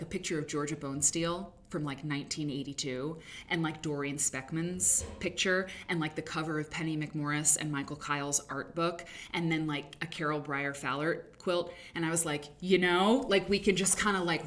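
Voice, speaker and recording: A woman's voice: fairly low pitch, fairly bright tone. A woman from the American Midwest hosting a casual livestream from a home studio, chatty and rambling, laughing easily. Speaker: host. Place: home studio with green screen.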